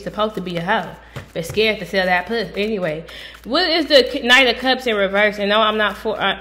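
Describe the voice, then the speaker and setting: A woman giving a casual tarot reading from home, blunt and profane, breaking into loud sudden outbursts. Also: medium pitch, a little hiss or hum. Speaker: tarot reader.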